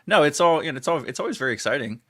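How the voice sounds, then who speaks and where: A young man with a raspy voice, the show's producer, bantering casually and quickly with sudden loud bursts. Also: fairly high pitch, very animated, no echo, studio quality. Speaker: show producer. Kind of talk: casual talk show banter.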